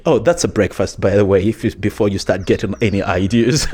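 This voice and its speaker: A man's voice: lowish voice, sing-song, normal speed, a little mellow. A man vlogging in a casual, rambling monologue, hesitant with many fillers and restarts and frequent chuckles.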